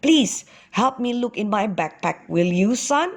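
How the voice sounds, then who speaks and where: A woman voicing a kind, gentle father ox in a children's storybook, speaking slowly. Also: medium pitch, expressive.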